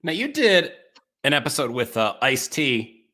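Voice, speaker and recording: A man's voice: mid-range voice, sing-song, a little slow, bright, forceful tone. A man hosting a casual interview, who mostly adds short encouraging replies. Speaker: podcast host.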